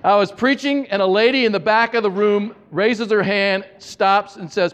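Speaking from the sanctuary, this pastor begins with dry humor and storytelling before slowing into sincere reflection. He sounds high-pitched for a man, with a rather bright tone, while each line lingers in a long hall reverb.

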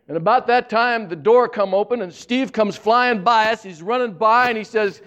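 A man's voice: high voice, moderate pace, few pauses, fairly bright tone. Older man telling folksy sermon stories. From Ohio, USA. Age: 70s. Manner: folksy, anecdotal, chuckles at own stories. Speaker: preacher. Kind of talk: storytelling sermon.

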